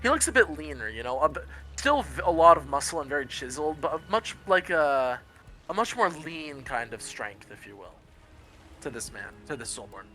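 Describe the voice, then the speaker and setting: A man's voice: a little high, very animated, fairly quick, pushed and bright, soft background music. A man narrating as game master of a tabletop game, describing scenes in a rambling, self-correcting way.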